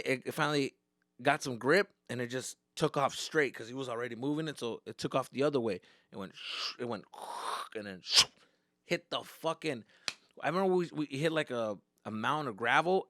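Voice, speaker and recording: A young man doing stand-up, telling a story in animated, profane bursts with Spanish slang mixed in. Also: medium pitch, dry recording, studio quality. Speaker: stand-up comedian. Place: comedy stage.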